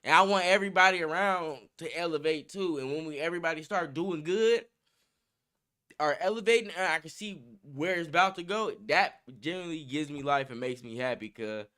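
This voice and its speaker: A man's voice: fairly high pitch, brisk, bright, forceful tone. A young man hosting a livestream in casual, slangy, profane chat, hyped up and laughing often. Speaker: livestream host.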